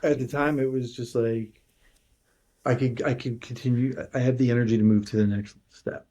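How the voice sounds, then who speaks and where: A man's voice: mid-range voice, steady tone, moderate pace, mellow. A male screenwriter as an interview guest, telling a personal story in an earnest, emotional, casual way.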